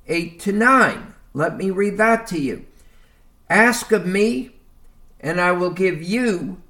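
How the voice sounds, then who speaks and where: A man teaching a Bible lesson, reading verses aloud and explaining them deliberately, often calling his listeners folks. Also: high-pitched, sharp tone. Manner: slow, deliberate, reads scripture aloud and explains it.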